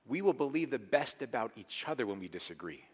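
A man preaching a sermon as pastor, animated and emphatic, dropping to hushed lines and rising to loud ones. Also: medium pitch, a little fast, husky. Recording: long hall reverb.

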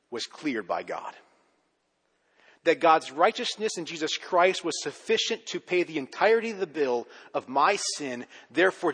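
A man preaching a sermon as pastor, pressing hard on key words and then dropping low and quiet at the ends of his points. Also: slightly rough, in a large hall. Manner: emphatic, swinging between loud urgent stresses and low quiet endings.

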